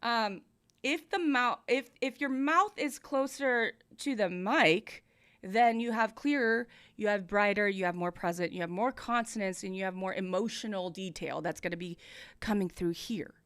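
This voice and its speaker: A woman's voice: mid-range voice, normal speed, a bit bright, smooth. A woman hosts a livestream music review from what sounds like a home studio. She coaches casually and explains things plainly, moving closer to the studio mic and away from it to show the difference. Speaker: host giving music feedback. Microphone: studio mic, moved near and far.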